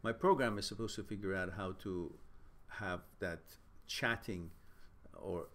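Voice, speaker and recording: A man's voice: low-pitched, a little slow, a bit bright. A man hosting a live Q&A stream, talking casually and loosely, with frequent restarts. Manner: loose, rambling, with many fillers and restarts. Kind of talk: casual live-stream chat, reading viewer comments.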